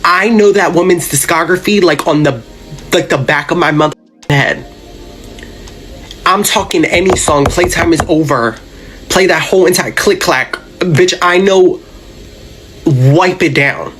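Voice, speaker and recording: A man's voice: a little high, measured pace, long pauses, fairly bright tone, soft background music. A man ranting in a reaction video, indignant and emphatic, with some swearing.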